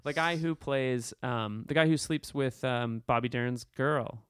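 A man co-hosting a podcast, talking about a film in casual, excited banter. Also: mid-range voice, clean tone. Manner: excited, joking, quick banter. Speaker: podcast co-host.

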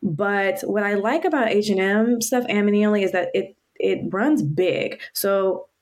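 A woman's voice: medium pitch, unhurried, darkish tone. A woman in her thirties co-hosting a podcast, chatting casually and emphatically, laughing often. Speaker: podcast co-host. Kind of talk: casual chat.

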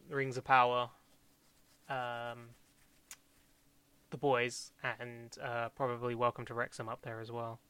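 A man's voice: medium pitch, bright, forceful tone, smooth. A young man chatting casually about TV shows as a podcast co-host, rambling with lots of fillers, restarts and laughs. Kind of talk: casual chat reviewing TV shows.

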